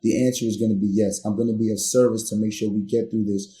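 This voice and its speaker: Fast and fairly low-pitched, with little movement in pitch, a man tells a personal story as a guest on a podcast, and the sound is reverberant. His earnest, candid telling escalates as he re-enacts heated arguments at rising volume.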